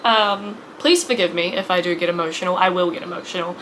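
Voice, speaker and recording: A woman's voice: lowish voice, quick pace, a bit bright. Emotional young woman vlogging, noisy background. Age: 20s. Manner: emotional, rambling, with many fillers and restarts. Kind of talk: personal vlog, heartfelt talk to camera.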